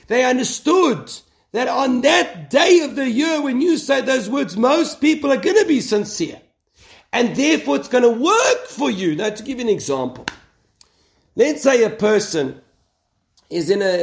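Rousing high-voiced man giving a Torah talk. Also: creaky. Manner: rousing, rhetorical questions and answers.

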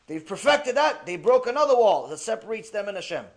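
A man delivering a religious ethics lecture, telling stories in an animated way and mixing in Hebrew terms. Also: high voice, a little fast. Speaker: Torah lecturer.

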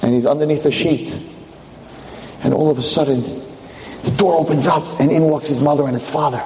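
A man's voice: on the high side, fairly even intonation, brisk, pauses often, a little mellow, echoey room, big-room sound, slight background noise, rough recording. A man giving a religious lecture, telling a story vividly and dramatically to a room of listeners.

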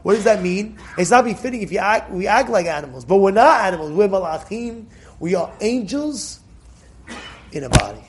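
A man giving a Torah class lecture, emphatic and repetitive, sometimes breaking into loud cries to drive a point home. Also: high voice, very animated, normal speed, noisy background. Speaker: Torah teacher.

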